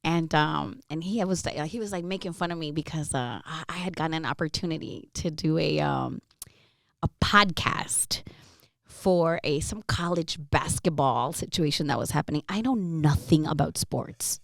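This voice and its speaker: A woman's voice: low voice, normal speed, creaky, dry recording, studio quality. A woman radio host as a podcast guest, telling stories with laughs and acted-out quotes. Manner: animated, laughing, acts out quotes. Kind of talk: casual storytelling interview.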